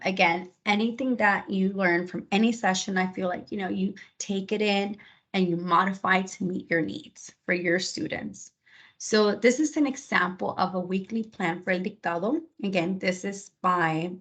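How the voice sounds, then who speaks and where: A woman's voice: medium pitch, breathy edge, low-quality recording. A woman teacher giving a conference presentation in a conversational way, full of fillers and asides, sometimes slipping into her classroom voice. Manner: conversational, many fillers and "you know"; models classroom directions in a lively teacher voice.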